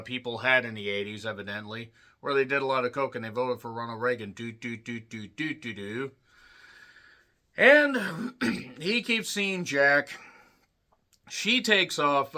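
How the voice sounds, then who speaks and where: A man giving a rambling, irreverent movie review with crude jokey asides, often clearing his throat. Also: medium pitch, pushed and bright. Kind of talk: casual movie review monologue.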